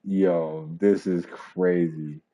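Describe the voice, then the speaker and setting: A man's voice: low voice, fairly even intonation, drawn-out words, dark tone. A man hosting a livestream and commenting casually, rambling with lots of fillers, swearing and chuckling. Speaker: streamer and show host.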